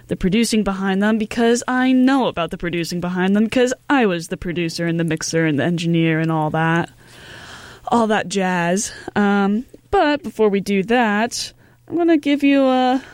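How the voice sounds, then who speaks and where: A woman's voice: medium pitch, darkish tone, dry recording. Upbeat female radio host, casual chat with fillers, dry close studio sound. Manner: chatty and upbeat, many fillers.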